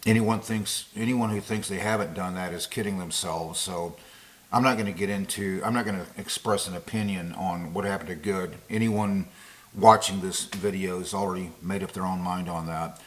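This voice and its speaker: A man's voice: low-pitched, fairly even intonation, normal speed. A man giving casual spoken commentary to camera, rambling and digressive, with frequent fillers and restarts. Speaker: political commentator.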